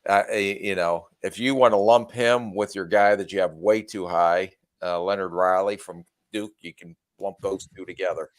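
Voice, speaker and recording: A man co-hosting a sports podcast, answering in a plain, measured way with short verdicts. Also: deep voice, steady tone, dry recording. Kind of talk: casual sports podcast chat.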